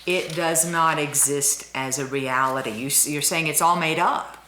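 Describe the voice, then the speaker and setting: A woman's voice: sits low, steady tone, moderate pace, sharp tone, roomy sound, slight background noise. A woman hosting a talk show, asking questions and prompting her guest with short affirmations. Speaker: interviewer host.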